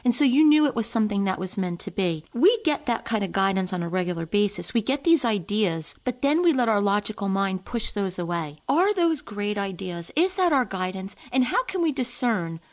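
A woman radio host who asks long, thoughtful questions at a middling pitch. Her voice sounds a little dull and lo-fi. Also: sing-song, moderate pace, few pauses. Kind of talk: radio interview. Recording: dull lo-fi recording.

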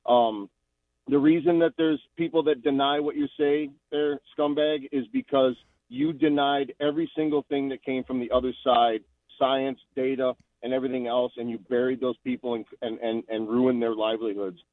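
A man's voice: medium pitch, flat delivery, normal speed, dry recording. A man calling in to a radio show, ranting angrily and sarcastically with repeated phrases. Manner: angry, sarcastic, repetitive. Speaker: caller. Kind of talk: call-in radio rant. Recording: tinny phone line.

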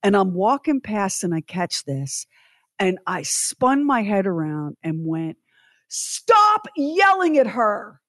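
A woman telling a personal story in an animated, emphatic way, rising to loud indignation. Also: on the low side, unhurried, no room sound, clean studio sound. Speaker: guest storyteller.

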